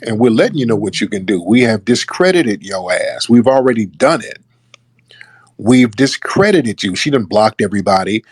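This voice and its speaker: A man with a low, husky voice delivers casual political commentary in an emphatic, scornful way. The sound is close and dry, with no room echo. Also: expressive, normal speed. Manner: emphatic, scornful, mimics others. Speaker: online commentator.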